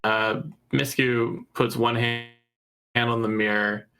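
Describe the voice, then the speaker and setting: Bright-voiced man playing a tabletop game. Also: mid-range voice, level tone, slow pace, smooth. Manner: casual, asks questions about rules. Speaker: player. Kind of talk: casual tabletop game talk.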